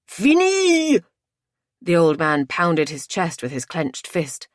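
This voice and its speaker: Low-voiced woman narrating an audiobook. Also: steady tone, unhurried, no echo. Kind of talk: scripted narration.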